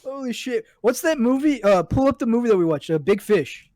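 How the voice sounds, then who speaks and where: High-voiced, joking male podcaster. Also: animated, a little fast, darkish tone, no room sound, clean studio sound. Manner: joking, crude, riffs on friends. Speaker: podcast co-host. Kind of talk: casual chat.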